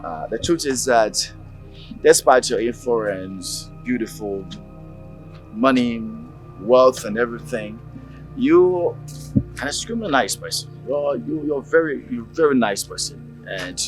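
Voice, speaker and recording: An actor with a Nigerian Pidgin accent playing a streetwise young man who teases and flatters in a relaxed, easygoing way. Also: mid-range voice, a little slow, soft background music, lightly acted. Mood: teasing. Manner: teasing, easygoing, mixes Pidgin and English. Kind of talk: Nollywood film acting.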